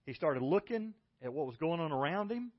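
A middle-aged man preaching a sermon as pastor, telling a personal story and moving between loud, excited bursts and hushed, tender lines. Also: on the high side, fairly quick, dull audio.

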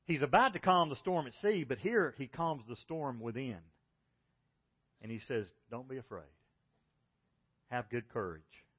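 A man preaching a sermon as pastor, telling stories and swinging between loud exclaims and quiet, hushed lines. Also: mid-range voice, animated, a little slow, pauses often, slightly rough, muffled recording.

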